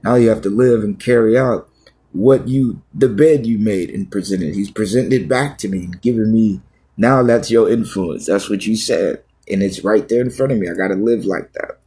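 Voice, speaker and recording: Husky low-voiced man confessing raw. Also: mellow. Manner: halting, repetitive, raw confession. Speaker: pastor. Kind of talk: emotional confessional livestream talk.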